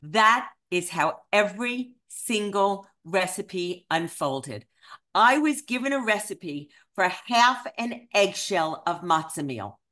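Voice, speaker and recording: A woman, a cookbook author telling anecdotes to an audience with animated, self-deprecating humor. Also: medium pitch, slow. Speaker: cookbook author, guest speaker.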